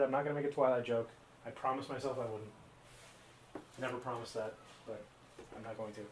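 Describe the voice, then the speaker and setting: A man's voice: mid-range voice, steady tone, brisk, pauses often. A man co-hosting a live podcast stream, chatting casually and poking fun at himself while he fills time. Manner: rambling and self-mocking. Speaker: podcast co-host.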